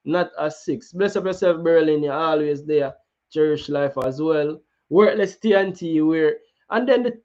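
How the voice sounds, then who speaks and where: A football talk show host with a Jamaican accent chats loosely, shifting into patois and restarting again and again. He has a high voice, captured in lo-fi sound.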